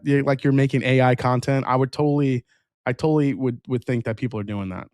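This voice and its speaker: A man's voice: medium pitch, steady tone, fast, darkish tone, dry recording, clean studio sound. A man hosting a whiskey review livestream in a casual, rambling way, often restarting sentences and answering chat.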